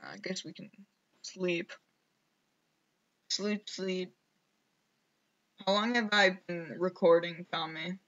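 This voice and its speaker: Slow, bright-voiced rambling gamer. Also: medium pitch, fairly even intonation, dull audio. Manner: rambling, mumbling to self; self-mocking. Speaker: streamer. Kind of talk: casual gameplay commentary. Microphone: headset.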